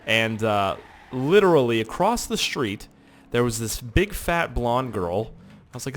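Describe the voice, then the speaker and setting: A man's voice: mid-range voice, expressive, moderate pace, a little hiss or hum. A man from Canada, telling rambling, profane stories while he plays a game. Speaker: gaming YouTuber. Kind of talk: casual storytelling over gameplay.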